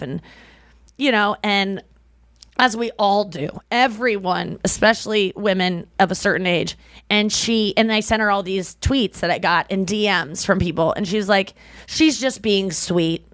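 A young woman co-hosts a podcast, telling stories in a chatty, gushing way packed with "like." Her mid-range voice is fairly quick and fairly bright, captured in a dry, clean studio recording.

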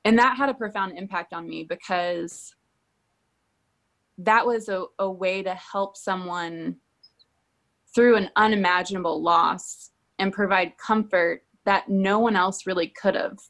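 Woman, interview guest, candid, chatty, middle pitch. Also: unhurried, a bit bright. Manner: candid, conversational, many "like" fillers. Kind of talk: personal storytelling interview.

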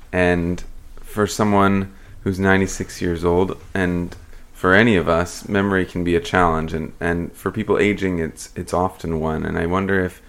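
A male co-host with a very low, gravelly voice, asking questions in a thoughtful, measured way. He speaks with casual calm.

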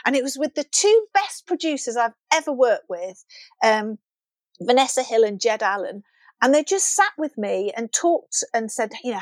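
Animated middle-aged woman reminiscing. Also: fairly high pitch, normal speed, no room sound. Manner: animated storytelling, acts out quoted dialogue. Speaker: guest, former children's TV presenter. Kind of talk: reminiscing interview chat.

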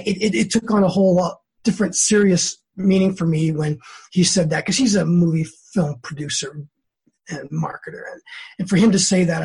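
A man with a very husky, breathy voice talks through his plans and his past as an interview guest. He tells it like a story, animated, stumbling and restarting, and he slips into the voices of the people he quotes. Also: sits high, rough recording. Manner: animated, acts out quoted dialogue with many restarts. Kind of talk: conversational storytelling.

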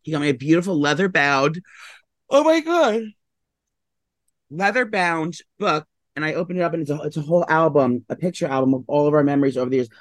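A man with a fairly high, steady, slightly mellow voice talks rapid-fire with few pauses, and there's no echo. He co-hosts a casual chat podcast, rambling with lots of "like" and "um." He sounds sleepy, as if just woken up, and yawns.

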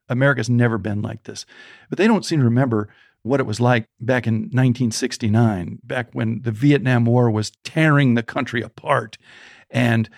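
A man, a storytelling coach, interviewed as a guest and telling a personal story in a vivid, animated way. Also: mid-range voice, creaky, no echo, studio quality.

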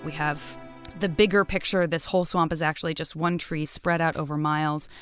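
A woman's voice: sits low, level tone, brisk, a bit bright, faint music behind. A woman co-hosting a podcast in casual chat, heartfelt and easily moved. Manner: heartfelt, emotional. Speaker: podcast co-host.

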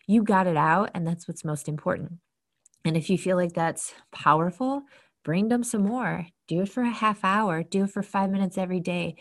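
A woman in her thirties giving casual self-help advice as a host, chatty and earnest, often acting out what people say to themselves. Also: fairly low pitch. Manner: chatty, earnest, acts out inner voices. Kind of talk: casual motivational talk.

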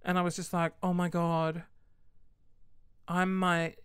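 A young woman telling a story in a casual vlog, animated, swearing freely and laughing often. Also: lowish voice, slow, pauses often, clear, resonant tone, no echo, studio quality. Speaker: vlogger.

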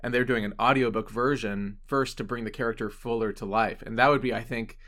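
A man's voice: mid-range voice, fairly even intonation, a little fast, fairly bright tone. A man with a mid-range voice hosts a casual interview. He asks long, chatty questions that wander before they reach their point.

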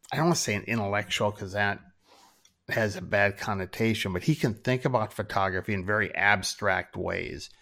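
A man's voice: lowish voice, creaky, a bit bright. A man from Minnesota, a photographer, talking as a podcast guest with dry, self-deprecating humor. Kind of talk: casual interview chat.

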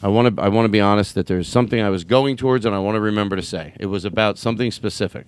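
A man hosting a comedy podcast, rambling loudly, laughing often and slipping into silly voices. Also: on the low side, racing, clear, resonant tone, no echo. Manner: loud, laughing, jumps between bits and silly voices. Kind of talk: rambling comic banter.

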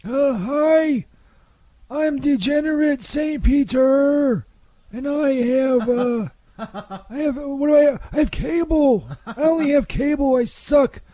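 A man playing a bumbling Saint Peter in a comedy sketch, stammering and quick to take offence. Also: extremely high pitch, dark tone, no room sound. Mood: flustered. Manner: stammering, hesitant, touchy.

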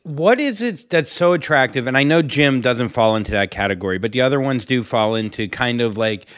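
Smooth-voiced man, teasing co-host. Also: medium pitch, lively intonation, fairly quick, a bit bright, dry recording, studio quality. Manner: teasing, probing questions. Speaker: podcast co-host. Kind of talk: casual podcast chat.

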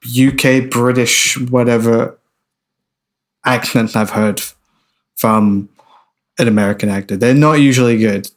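A man's voice: medium pitch, steady tone, unhurried, long pauses. Laid-back male podcast co-host. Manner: laid-back, says "dude" and swears casually. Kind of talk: casual film-podcast chat.

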